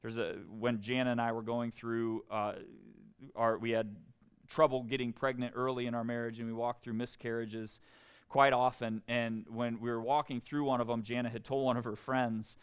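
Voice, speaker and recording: A man's voice: medium pitch, little pitch movement, normal speed, clean tone. A man preaching a sermon as pastor, talking in a conversational way and often putting questions to his listeners. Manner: conversational, asks the congregation questions.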